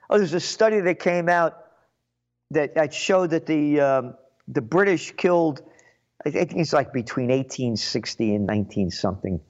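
A man from the Bronx, giving a sarcastic, indignant solo commentary and reading aloud with emphatic asides. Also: on the high side. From the Bronx, New York. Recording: muffled lo-fi recording.

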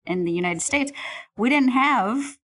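A woman in casual conversation, an animated storyteller who laughs often while recounting a book. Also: on the high side, a little slow.

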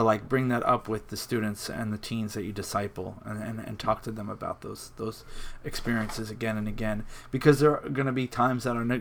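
Guy with a low voice, campus minister on a podcast, lots of um and like. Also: creaky, slight background noise. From New York area. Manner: halting, many fillers and restarts. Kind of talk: casual podcast chat.

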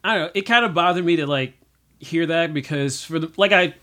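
A man's voice: on the high side, fairly quick, pushed and bright. Rambling young man in casual chat. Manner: rambling, many fillers, acts out his own quotes. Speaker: guest.

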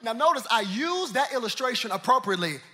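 A man preaching a sermon, calling out to the congregation and swinging from hushed, low asides to shouted climaxes. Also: very animated, fast talker. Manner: preaching with call-and-response, swinging from quiet to shouting. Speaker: pastor.

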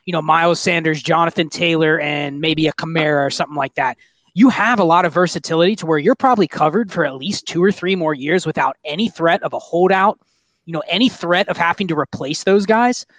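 A man's voice: a little high, a little fast, a bit bright, dry recording. A man in casual podcast chat, laying out his reasoning in long, qualified runs of talk. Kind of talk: casual fantasy football chat.

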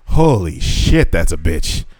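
A man's voice: slow, no room sound. A man co-hosting a casual podcast chat, rambling and swearing a lot, his voice jumping up when he gets worked up. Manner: heavy swearing, rambling with restarts; animated, voice jumps high when telling stories. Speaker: podcast co-host. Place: living in Japan.

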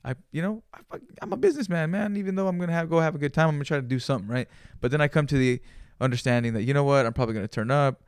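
Gravelly man telling a slangy story. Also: fairly high pitch, racing, dry recording, clean studio sound. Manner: animated, profane and slangy, sprinkling in Spanish words. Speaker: podcast host. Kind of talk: casual storytelling monologue.

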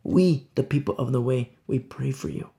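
A man delivers a sermon in a gravelly voice of middling pitch. He presses his points with rhetorical questions, rising to loud emphasis and then dropping to a hush. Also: moderate pace. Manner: swings between loud and hushed. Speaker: preacher.

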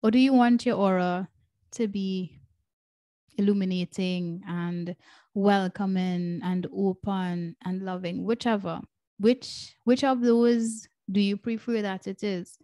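A woman's voice: mid-range voice, fairly even intonation, slow, dark tone, no echo. A woman hosting a podcast as a breathwork coach, telling a personal story in an earnest, emotional way and repeating phrases for emphasis.

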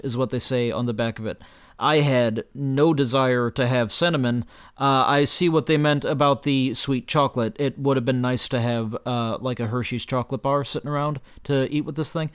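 A man's voice: medium pitch, clean tone. A man giving a casual spoken beer review, stumbling through restarts and fillers as he searches for words. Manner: halting, many restarts and fillers.

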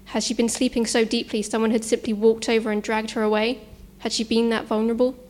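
A woman's voice: a little high, flat delivery, darkish tone. Woman narrating a suspense story. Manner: measured, tense storytelling.

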